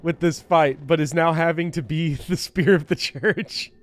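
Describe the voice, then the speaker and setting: A man with a slightly raised voice is chatting over a game stream with friends. He laughs a lot and gets loud when the fight turns. His talk stays loose and casual. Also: a little high, a little slow. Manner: laughs often, excitable outbursts. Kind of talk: casual gaming chat with friends.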